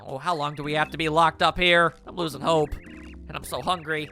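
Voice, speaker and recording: A man voicing a spunky, quick-tempered young female bomb creature from a video game, pitching his voice up high. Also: steady tone, sharp tone, soft background music. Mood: angry.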